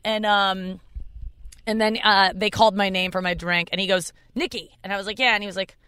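A woman's voice: level tone, brisk, bright, forceful tone, clear, resonant tone. A young adult woman hosting a podcast from her car, telling a rambling, self-mocking story in casual chat. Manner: rambling, self-mocking, jumps up high when quoting people. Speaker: podcast host and comedian.

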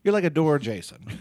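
A man hosting a casual chat, teasing and joking in a deadpan way. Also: a little high, no echo. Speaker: podcast host.

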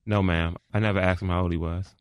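Male trial witness, very low pitch, terse and deferential, dry recording. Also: steady tone, fast talker, clean tone, no room sound. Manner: terse, deferential "yes, ma'am" answers. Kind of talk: courtroom testimony.

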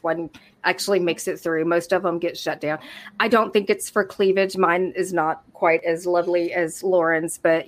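A woman's voice: on the low side, fairly bright tone. A woman co-hosting a casual group chat, bubbly and teasing. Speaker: podcast co-host.

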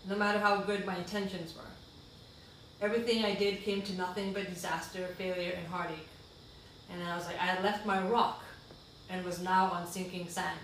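A woman's voice: on the low side, steady tone, moderate pace, a bit bright. Earnest woman in a very echoey room. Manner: earnest and heartfelt, breaking into asides. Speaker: guest. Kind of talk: reading her own reflective writing aloud. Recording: very echoey room, far from the mic, faint noise.

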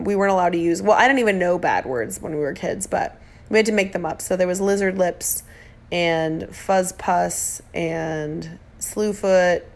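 A middle-aged woman hosting her own podcast, talking in a heartfelt, emotional way with bits of self-deprecating humor. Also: fairly low pitch. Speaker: podcast host. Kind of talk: personal podcast monologue.

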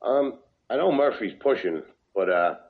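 A man's voice: medium pitch, lively intonation, unhurried, phone-quality sound. A man from New Jersey chatting as a podcast guest, conversational and asking questions. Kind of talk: casual political chat.

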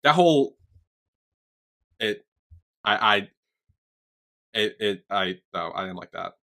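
Bright-voiced young man recapping a show. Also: on the low side, lively intonation, slow, vocal fry. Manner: rambling, swears freely, acts out characters' lines. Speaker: podcast co-host. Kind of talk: casual recap chat.

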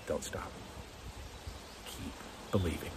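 Speaking slowly over a noisy background, an American man hosts a devotional podcast. In a casual, earnest, encouraging way, he reads passages of scripture and explains them himself.

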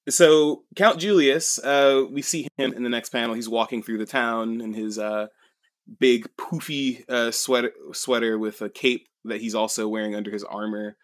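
A man's voice: mid-range voice, fairly even intonation, moderate pace, no echo. A man co-hosting a podcast, casually retelling a manga chapter with lots of fillers and swearing. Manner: rambling, with many fillers and swearing. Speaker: podcast co-host.

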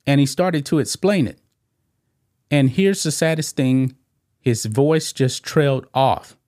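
A man's voice: fairly high pitch, unhurried, darkish tone, no echo, clean studio sound. A man hosting a reaction commentary channel. He talks emphatically, repeats himself, and keeps saying "man". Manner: repetitive, emphatic, calls listeners "man".

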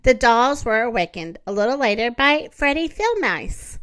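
A woman reading a children's story aloud, gentle and expressive. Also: on the high side, moderate pace.

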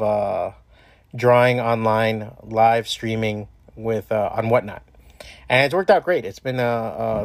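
A man's voice: lowish voice, no echo. A man hosting a podcast from home, talking in a loose, profane, rambling way with many restarts. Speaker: podcast host. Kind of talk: casual rambling monologue.

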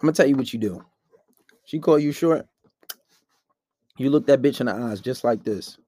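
A man's voice: mid-range voice, expressive, normal speed, dark tone, husky, no echo. A man, giving blunt, profane dating advice in a casual monologue and acting out both sides of arguments.

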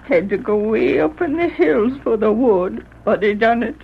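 Slow earnest frontier wife, kinda high voice, muffled old radio. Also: female voice, animated, gravelly, husky, exaggerated voice. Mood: mournful. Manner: slow, heartfelt. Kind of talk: 1940s radio drama acting. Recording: dull old radio recording with faint hiss.

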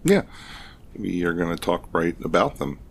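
A man with an extremely deep, gravelly voice co-hosts a casual movie podcast. He delivers dry, deadpan jokes and matter-of-fact comments. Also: moderate pace. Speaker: podcast co-host. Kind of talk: casual film-review chat.

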